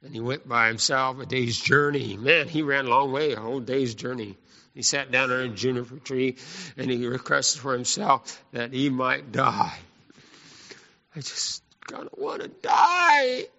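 A man preaching a sermon in an animated, folksy, repetitive way. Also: medium pitch, moderate pace, creaky. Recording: echoey hall, muffled lo-fi.

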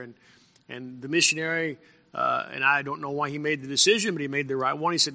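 Gravelly preacher man in an echoing hall. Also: on the high side, fast talker, bright, forceful tone. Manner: frequent throat clearing and repeated false starts. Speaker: pastor. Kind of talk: sermon.

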